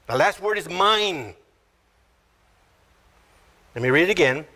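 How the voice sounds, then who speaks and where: A man delivers a sermon from the pulpit, pastor-style, in a bright and forward voice pitched somewhat high. His delivery is unhurried and lively in melody, rising and falling widely as he walks through the verses one at a time. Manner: animated, acts out quoted voices with sudden high pitch jumps.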